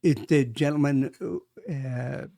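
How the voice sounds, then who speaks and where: A man's voice: mid-range voice, steady tone, slow, creaky, warm tone, dry recording, studio quality. A man in his sixties from Ireland with an Irish accent, chatting upbeat as a podcast guest and pub owner. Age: 60s. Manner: upbeat, chatty, swears freely. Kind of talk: casual chat.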